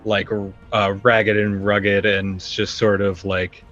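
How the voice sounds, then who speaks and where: Slow, flat-voiced male player. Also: fairly low pitch, muffled recording, soft background music. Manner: halting, full of "like" and "sort of". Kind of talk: tabletop role-play.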